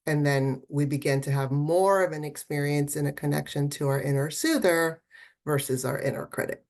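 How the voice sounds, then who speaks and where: A woman's voice: sits low, fairly even intonation, normal speed, a little mellow. A woman art therapist giving a festival talk, encouraging and conversational, often checking in with "right?".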